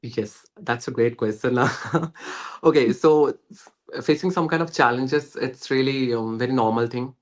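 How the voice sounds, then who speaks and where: A man's voice: medium pitch, measured pace. A young man from West Bengal with an Indian English accent, earnestly explaining his learning journey in a casual conversation, with many hesitations and fillers. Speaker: guest.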